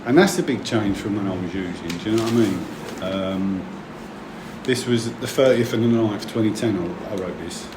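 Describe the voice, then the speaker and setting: A man's voice: fairly low pitch, moderate pace. A middle-aged man sharing candidly and a bit emotionally at a recovery meeting, rambling and swearing freely. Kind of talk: personal share at a recovery meeting. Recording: echoey room with background noise.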